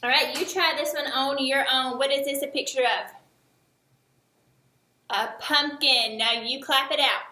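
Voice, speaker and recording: A woman teaching young children a remote lesson, speaking slowly and encouragingly, with each word clearly enunciated. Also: high-pitched, fairly even intonation, pushed and bright, echoey room. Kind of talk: early-years remote lesson.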